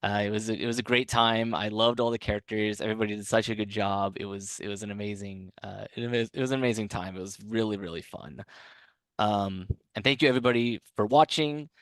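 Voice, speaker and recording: A man's voice: fairly low pitch, steady tone, quick pace, hardly any pauses, a bit bright, no echo, clean studio sound. A man running a tabletop horror game as game master, narrating hesitantly with many restarts.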